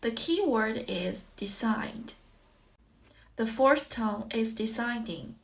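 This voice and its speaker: A woman who speaks Mandarin Chinese natively teaches a tutorial in English. Her voice sits a little high and she talks slowly and deliberately. She stretches each example syllable so that the tone can be heard. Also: lively intonation. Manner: careful and deliberate, drawing out example syllables to show the tones. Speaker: language teacher.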